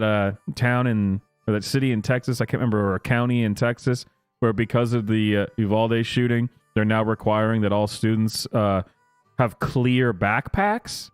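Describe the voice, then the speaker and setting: A man's voice: medium pitch, normal speed, smooth, dry recording, soft background music. A man hosting casual reaction commentary, sarcastic and mocking, laughing often. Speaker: commentary host.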